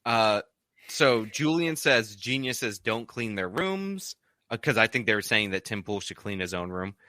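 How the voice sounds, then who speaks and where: Hosting a casual live stream, a man reads super chats from donors aloud, packing his speech with "like." His voice is lowish, animated and sharp in tone, moving a little slowly. The recording is dry.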